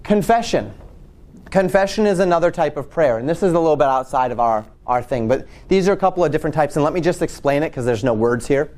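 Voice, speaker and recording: A man's voice: on the high side, expressive, quick pace, a little mellow. A man preaching a sermon in a conversational way, often repeating words as he thinks.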